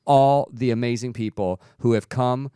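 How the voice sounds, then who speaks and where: A middle-aged man co-hosting a casual talk show, telling stories with lively, caffeinated energy. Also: mid-range voice, normal speed, clean tone, dry recording, clean studio sound. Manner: animated storyteller, wired on caffeine. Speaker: co-host. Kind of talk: casual chat.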